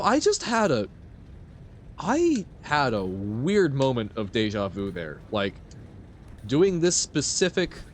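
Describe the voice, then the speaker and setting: A man chats loosely with his audience while playing a game on a live stream. His pitch swings up and down in an animated way, and he rambles, laughs a lot and answers comments as they come. There is a faint hum of noise behind him. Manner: rambling, chatty, laughs often, answers chat.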